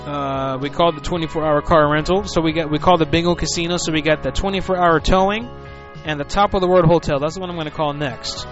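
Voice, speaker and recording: A man's voice: fairly high pitch, steady tone, fast talker. A man co-hosting a radio show in loose, rambling banter, on muffled lo-fi audio. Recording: muffled lo-fi audio with music behind.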